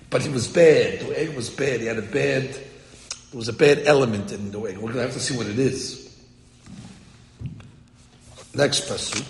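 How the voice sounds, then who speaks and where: A man teaching a text-study lecture to a class, animated and translating phrases line by line. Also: mid-range voice, moderate pace, pauses often. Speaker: Torah teacher. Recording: echoey hall.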